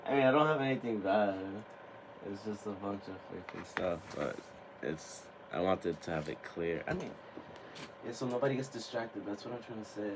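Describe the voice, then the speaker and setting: A man in his twenties who hosts a tarot and spiritual channel, talking casually to camera, getting excited, laughing often and swearing now and then. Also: lowish voice, normal speed, noisy background.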